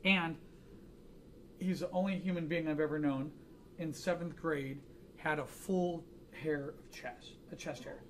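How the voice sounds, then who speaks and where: A man's voice: fairly high pitch, fairly even intonation, measured pace, a little hiss or hum. A man teaching a drawing class, chatting casually and joking through anecdotes in front of students. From United States. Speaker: art instructor.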